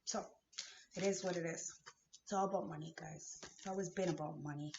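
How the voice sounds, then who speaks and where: A woman's voice: sits low, steady tone, brisk, gravelly. Fiery swearing woman ranting in an echoey room. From Kahnawake, Canada. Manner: fiery, swearing, swings between shouting and whispering. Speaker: vlogger. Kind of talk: emotional spiritual rant to camera. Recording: echoey dull-sounding room with faint hiss.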